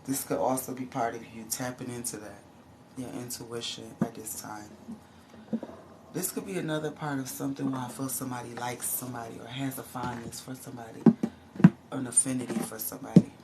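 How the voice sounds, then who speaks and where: Gravelly low-voiced woman reading tarot. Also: steady tone, brisk, heavy background noise. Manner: profane, laughs and exclaims often. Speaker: tarot reader.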